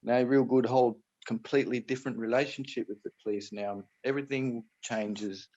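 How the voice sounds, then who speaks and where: The lo-fi recording captures an Australian man in a casual call, explaining private trusts as a guest. His medium-pitched voice is steady and darkish, his pace brisk, and he wanders loosely, frequently starting over and adding "right?" or "mate."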